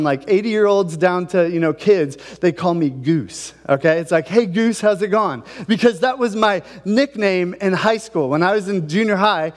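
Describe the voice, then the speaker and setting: A male pastor from Ohio gives a relaxed, chatty sermon and keeps asking his listeners questions. His voice sits high for a man. The sound rings with the long reverb of a church hall. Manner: conversational, asks the congregation questions.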